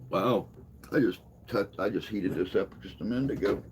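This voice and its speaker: A man's voice: fairly low pitch, moderate pace, slight background noise. A man hosting a morning live stream, chatting casually and joking with viewers in a rambling way. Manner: rambling, joking, reads and answers chat.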